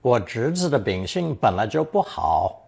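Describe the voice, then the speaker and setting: Male teacher narrating a language lesson, husky voice with a lively, swooping pitch. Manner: reads example sentences slowly, then translates each into English. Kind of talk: recorded Chinese lesson narration.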